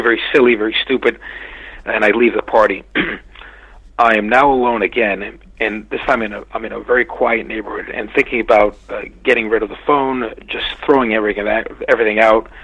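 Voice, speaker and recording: A man with a low, gravelly voice that has a husky edge. He talks through a dream in a halting way, full of restarts and fillers. The tone is bright and forward. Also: lo-fi sound. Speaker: caller recounting a dream. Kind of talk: casual spoken recounting.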